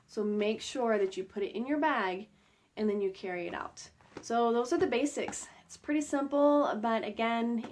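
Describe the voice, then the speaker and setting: Bright-voiced woman teaching outdoor skills. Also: a little high. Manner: chatty, animated storytelling with light laughs. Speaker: outdoor educator and biologist. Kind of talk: casual how-to talk with a personal story.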